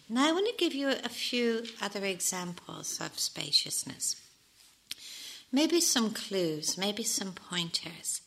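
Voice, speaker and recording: Bright-voiced woman giving a gentle meditation talk. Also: medium pitch, low-quality recording. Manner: gentle, reflective, with soft whispered asides. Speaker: meditation teacher. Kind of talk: dharma talk.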